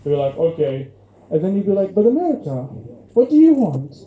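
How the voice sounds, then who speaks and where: A man's voice: sits high, big pitch swings, brisk, phone-quality sound. A young man from Syria performing a stand-up comedy set, chatty and loose, with lots of fillers. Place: comedy club stage. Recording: echoey room, poor audio.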